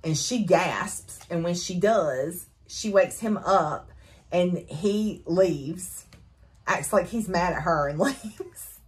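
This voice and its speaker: A woman chatting casually as she recaps a novel for her book review, animated and full of fillers and laughs. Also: fairly low pitch, takes it slowly.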